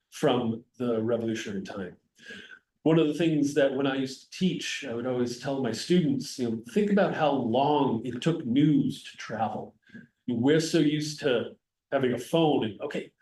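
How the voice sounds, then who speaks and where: A man's voice: medium pitch, dark tone. A man giving a casual, digressive history talk to an audience. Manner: conversational, digressive, jokes with the audience. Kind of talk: casual public history lecture. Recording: roomy sound from a distance.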